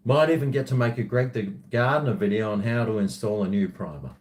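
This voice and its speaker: A man's voice: lowish voice, fast talker, a little mellow. A man with an Australian accent chatting casually to camera, rambling and self-mocking as he drifts between asides. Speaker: vlogger.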